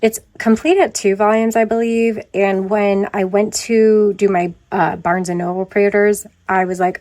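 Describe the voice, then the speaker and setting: A woman's voice: mid-range voice, flat delivery, normal speed, few pauses, no room sound. Chatty woman rambling in a dry room. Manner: rambling and self-deprecating, often trailing off into quieter asides. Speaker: manga vlogger. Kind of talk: casual chat.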